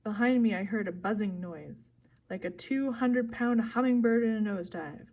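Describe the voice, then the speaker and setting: A woman narrating a first-person storybook chapter in a steady, clear voice. Her reading is expressive but even, with a middling pitch. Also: normal speed, highs cut off. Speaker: audiobook reader.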